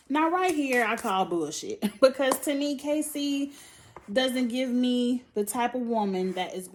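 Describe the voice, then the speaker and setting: A woman's voice: fairly high pitch, animated, measured pace, a little hiss or hum. A woman giving a casual, blunt recap of a reality TV episode. She speaks with sass, cusses and laughs often. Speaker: reality TV reviewer. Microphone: phone or tablet setup.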